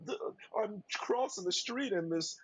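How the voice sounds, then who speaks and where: Husky rambling man on a podcast. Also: high voice, lively intonation, measured pace, no room sound, poor audio. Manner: rambling, acts out quoted voices. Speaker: podcast co-host. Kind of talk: casual podcast talk.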